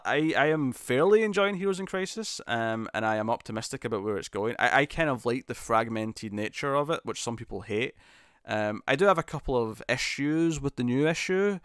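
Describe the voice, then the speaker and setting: A man's voice: medium pitch, a bit bright, clear, resonant tone, no echo. A young man hosting a casual live stream, reading viewer comments aloud and answering them with frequent ums and laughs, into a studio mic with a pop shield. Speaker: host.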